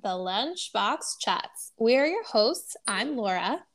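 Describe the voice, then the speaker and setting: A woman's voice: fairly high pitch, very animated, slow. A woman co-hosting a casual podcast, upbeat and chatty. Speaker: podcast co-host. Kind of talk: casual chat.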